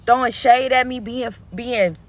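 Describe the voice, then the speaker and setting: A woman's voice: fairly high pitch, fairly even intonation, measured pace, lo-fi sound. A woman telling a story to her viewers in a vlog, blunt and profane, with lots of animation in her delivery. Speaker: content creator.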